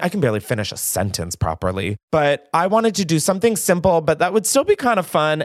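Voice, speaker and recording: A man's voice: mid-range voice, dry recording, clean studio sound. A young man hosting his own podcast, chatting casually in a rambling, self-deprecating way with lots of asides. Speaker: podcast host. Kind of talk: casual solo podcast chat.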